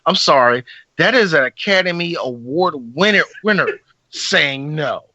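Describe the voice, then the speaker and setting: A man co-hosting a casual movie review podcast, animated and laughing, acting out lines from the film. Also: a little high, a little slow, no room sound, lo-fi sound. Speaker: podcast co-host.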